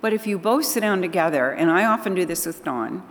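An older woman speaking to a church audience, telling animated personal stories and acting out the conversations in them. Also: fairly low pitch, a little fast. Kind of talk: storytelling talk to an audience. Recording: long hall reverb.

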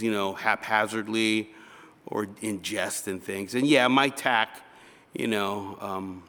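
A man's voice: on the low side, a bit bright. A male pastor giving a conversational sermon, acting out little dialogues. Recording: reverberant hall.

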